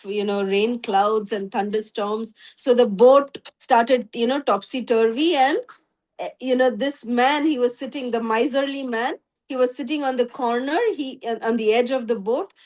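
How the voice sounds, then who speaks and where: Woman, high voice, scripture teacher, chatty, video call. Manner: conversational, many "you know" fillers. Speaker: spiritual class teacher. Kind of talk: scripture class talk with storytelling.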